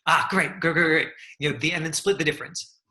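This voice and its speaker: A man leads an acting class over a video call, his voice very bright and forward in tone. He talks loosely, stringing thoughts together with fillers and restarts as he coaches his students. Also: on the high side, fast. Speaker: acting teacher.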